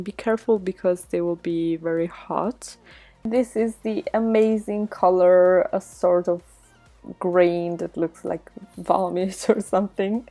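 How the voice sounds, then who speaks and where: A woman's voice: medium pitch, darkish tone. Giggly Italian woman explaining slime. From Italy. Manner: chatty, giggly, explains step by step. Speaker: slime-making vlogger. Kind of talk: casual tutorial narration.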